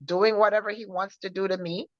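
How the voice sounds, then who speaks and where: A woman co-hosting a faith show, recounting her personal testimony in an earnest, halting way with many restarts. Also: mid-range voice, fairly even intonation, dry recording. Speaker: co-host sharing her testimony. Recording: dull, muffled sound.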